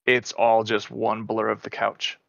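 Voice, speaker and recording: Speaking a little slowly in a creaky voice on the low side, a thirty-something man co-hosts a relaxed podcast conversation. There's no echo, though the highs are cut off. He's a lively storyteller who curses often and performs other people's lines.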